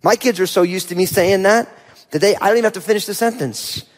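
A middle-aged man preaching a sermon in a conversational way, often tossing in a quick "right?". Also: high-pitched, in a large hall. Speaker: pastor.

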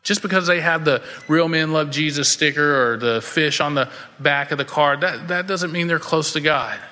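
Folksy pastor in a reverberant hall. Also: male voice, a little high, normal speed, sharp tone. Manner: casual, folksy, acts out quoted voices. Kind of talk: conversational sermon with storytelling.

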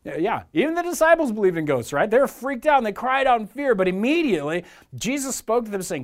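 Male pastor, slightly high voice, earnest conversational sermon delivery. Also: big pitch swings, brisk. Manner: earnest, conversational preaching with rhetorical repetition.

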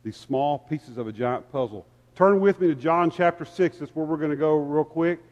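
A man with a somewhat raised pitch delivers a sermon, talking frankly about his own limits and posing question after question to his congregation. His voice rings out with a long reverb in a church sanctuary. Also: moderate pace, a little mellow, highs cut off. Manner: candid, self-deprecating, rhetorical questions. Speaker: preacher.

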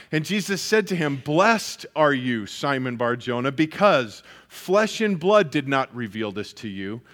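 A pastor preaches a sermon in a fairly high, fairly bright voice. He's earnest and emphatic, often repeating phrases for weight.

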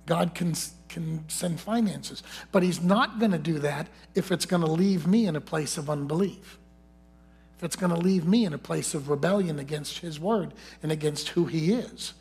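Gravelly man preaching a confessional sermon. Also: fairly high pitch, normal speed, darkish tone. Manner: confessional storytelling, dropping to near whispers.

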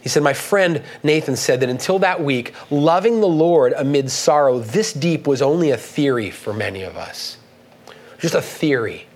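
An earnest man delivers a sermon to his congregation, halting and restarting as he talks. He lifts his voice when he reads out quoted passages, and his voice sits a little higher than most men's. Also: animated, low-quality recording. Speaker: pastor.

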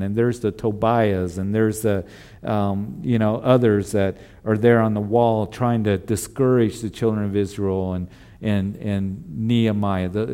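A man's voice: fairly low pitch, dark tone, clean tone. A male pastor preaching a sermon in an earnest way, repeating emphatic refrains.

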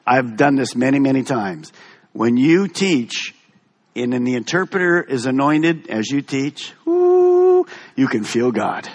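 Animated husky-voiced male preacher. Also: medium pitch, unhurried. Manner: animated, emphatic preaching with wide swings. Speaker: pastor. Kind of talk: sermon.

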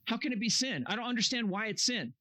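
A man preaching a sermon to young campers, earnest and animated, acting out excuses in a raised voice. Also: very high-pitched, fast. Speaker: camp speaker. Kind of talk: youth camp sermon. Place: camp meeting room.

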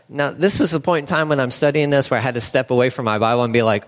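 A man preaching a sermon in a casual, conversational way, acting out the people in the story with animated voices. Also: mid-range voice, fast, few pauses, in a large hall. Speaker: pastor.

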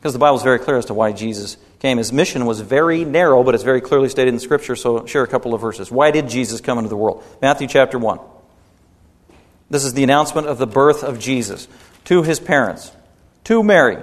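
A man's voice: mid-range voice, fairly quick. A man preaching a sermon in an emphatic style, his stresses rising and swelling. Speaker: pastor. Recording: long hall reverb.

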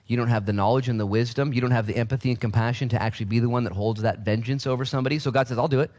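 A man's voice: mid-range voice, steady tone, rapid-fire, a little mellow. A man in his thirties preaching a sermon as pastor, with joking asides and acted-out voices.

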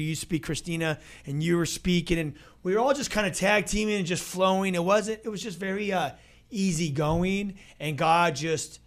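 A man leading a ministry tour, telling stories in casual talk and acting out what people said. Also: on the high side. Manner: animated storyteller, acts out dialogue. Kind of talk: casual recap storytelling.

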